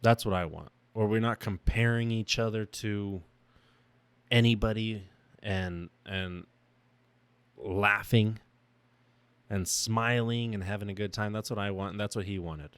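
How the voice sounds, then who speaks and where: Young guy on his podcast, raw and emotional, kinda halting, lowish voice, dry close mic. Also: fairly even intonation, smooth, no room sound. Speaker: podcast host. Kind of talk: personal reflective monologue.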